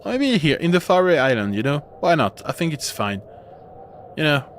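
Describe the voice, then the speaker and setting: A man's voice: a little high, expressive, moderate pace, slight background noise. A man streaming a horror game, chatting casually in a rambling way and breaking off with laughs. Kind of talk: casual gameplay commentary.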